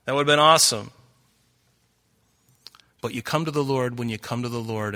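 Bright-voiced earnest male preacher. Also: mid-range voice, normal speed. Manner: earnest, pleading, rising emphasis. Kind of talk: sermon.

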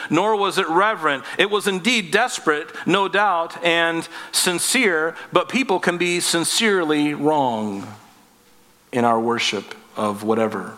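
A man's voice: a little high, pushed and bright. A man preaching a sermon with emphasis, asking rhetorical questions and adding wry asides. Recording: long hall reverb.

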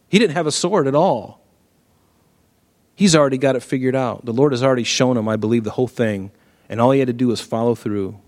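A male preacher explains scripture verse by verse, telling the story with animated, emphatic delivery. His voice sits at a middle pitch. Long reverb from a large hall follows each line. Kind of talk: sermon, Bible exposition. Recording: echoey hall.

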